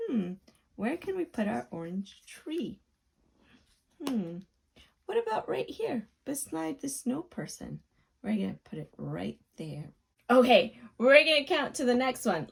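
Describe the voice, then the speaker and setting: A woman hosting a children's video, narrating playfully with gasps and wide-eyed excitement to a young viewer. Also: fairly high pitch, creaky, breathy edge. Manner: gasping, wide-eyed excitement, drops to a soft whisper at times. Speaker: children's educational video host.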